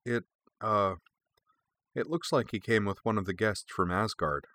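A man's voice: on the low side, unhurried, a bit bright, no room sound. A man voicing an easygoing, loyal woman aide who talks in a casual, frank way.

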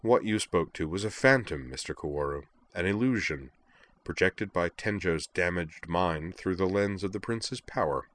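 Akio, a deep-voiced man doing a cool commanding chairman. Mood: cold. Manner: measured, flat, authoritative. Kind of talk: audiobook reading of fan fiction.

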